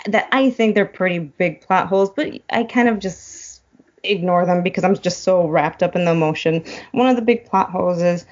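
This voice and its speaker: A woman's voice: fairly low pitch, normal speed, a little mellow, dull audio. A woman guest in a casual chat, retelling a film plot and getting choked up as she goes. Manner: emotional, choked up while retelling. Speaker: podcast guest.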